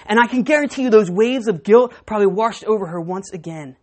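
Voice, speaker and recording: A woman pastor preaching a sermon, telling stories and moving between hushed and emphatic delivery. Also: medium pitch, fairly quick. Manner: storytelling, animated, swinging between hushed and emphatic.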